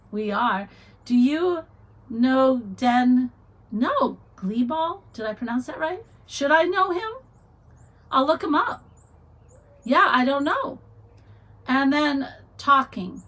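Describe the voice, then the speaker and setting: A middle-aged woman hosting a casual livestream, chatting and reading viewer comments aloud with warm encouragement. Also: sits high, slow pace, poor audio. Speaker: livestream host.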